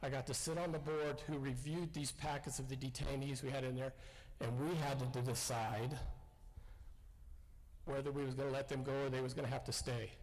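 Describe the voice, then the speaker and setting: A man's voice: mid-range voice, flat delivery, a little fast, darkish tone. Man, folksy, self-deprecating, reverberant hall. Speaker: veteran speaker. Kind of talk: storytelling speech. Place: school assembly hall.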